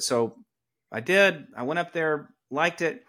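A middle-aged man from Atlanta with a Southern accent, speaking as a guest on a podcast. His voice sits a bit higher than most men's. He tells stories in a lively way and acts out the people he quotes. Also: a little slow. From Atlanta, Georgia, US. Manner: animated storyteller who acts out quoted people. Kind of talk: conversational storytelling.

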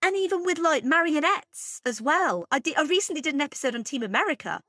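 A woman's voice: sits high, animated, quick pace, pushed and bright, no echo, clean studio sound. A woman co-hosting a podcast, chatting casually and thinking aloud with plenty of fillers. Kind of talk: casual chat.

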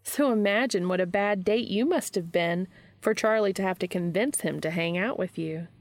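A woman's voice: medium pitch, normal speed, dry recording, close to an everyday voice. A woman voicing a sly young woman who teases with a sweet, needling tone. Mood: teasing.

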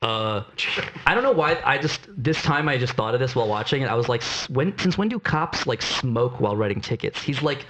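Male podcast co-host, very lively pitch, chatty recapper. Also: brisk. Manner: recaps the plot with many fillers. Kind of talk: casual chat.

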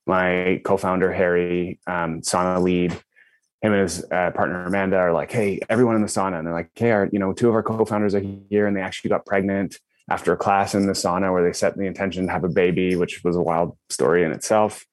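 A man's voice: sits low, brisk, no echo. A man in his thirties, a podcast guest, talking casually with lots of fillers and restarts. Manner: animated, many fillers and restarts. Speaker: podcast guest, breathwork company co-founder. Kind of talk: casual storytelling.

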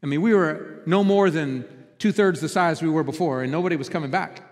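Man, pastor, high voice, sermon, urgent then hushed, reverberant church hall. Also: brisk. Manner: personal storytelling, swings from loud and urgent to hushed.

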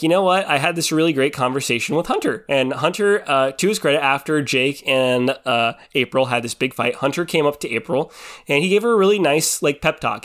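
Young man, mid-pitched, casual rambling chat full of fillers, frequent laughs. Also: fairly bright tone. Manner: chatty, rambling, heavy on filler words like "like" and "you know"; laughs often while talking. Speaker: reality TV recap vlogger.

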